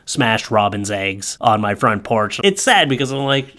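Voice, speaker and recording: A man's voice: mid-range voice, measured pace. Joking young man riffing on posts. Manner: joking, animated, talks to viewers directly. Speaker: commentary host. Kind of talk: casual comedic commentary.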